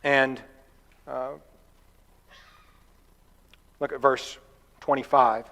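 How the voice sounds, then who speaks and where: A man's voice: mid-range voice, little pitch movement, very slow, a bit bright. A man preaching a sermon in a church, talking in a conversational, folksy way with asides and a told fable. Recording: long reverb of a church hall.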